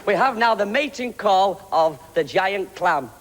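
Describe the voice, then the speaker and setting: A man's voice: sits high, animated, a little slow, fairly bright tone. A man from Manchester, telling cheeky gags in a chatty stand-up routine. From Manchester, England. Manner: cheeky, chatty gag delivery. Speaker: stand-up comedian. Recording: reverberant TV studio with clear hiss.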